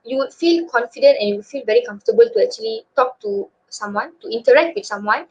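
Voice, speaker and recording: Young malaysian girl presenting on a call, bit high voice, kinda muffled lo-fi audio, lots of "you know". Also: fast talker, husky. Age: young adult. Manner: chatty, filler-heavy, casual. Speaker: student presenter. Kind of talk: webinar presentation. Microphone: video call.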